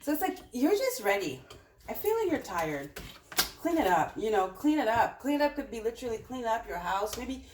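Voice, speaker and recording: A woman's voice: a little high, sing-song, a little fast, a little mellow, far from the mic. A woman talks her way through a tarot spread in a loose, rambling way, full of fillers and restarts. She sits a little away from the microphone, so her voice sounds roomy. A faint noise stays underneath. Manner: chatty, rambling, with many fillers. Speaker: tarot reader. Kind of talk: casual tarot reading.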